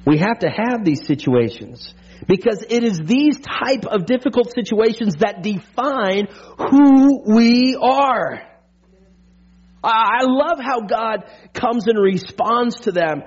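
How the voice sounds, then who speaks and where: A man preaching as pastor in an energetic, conversational way, full of playful jokes and frequent "right?" asides to the congregation. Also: high voice, slow, breathy edge. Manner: playful humor and pop-culture jokes. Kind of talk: sermon. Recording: dull lo-fi sermon recording.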